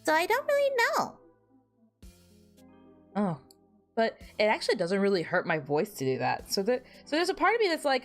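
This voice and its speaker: A young woman streamer chatting casually and rambling, her voice a bit hoarse, with lots of restarts and self-deprecating asides. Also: on the high side, huge pitch swings, moderate pace, long pauses, soft background music. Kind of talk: casual livestream chat.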